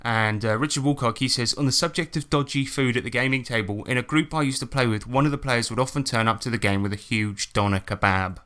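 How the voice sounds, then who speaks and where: A man in his thirties from England hosting a tabletop game podcast in casual chat, jokey and quick to laugh, reading listener comments aloud. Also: medium pitch, a bit bright, clear, resonant tone. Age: 30s. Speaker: podcast host.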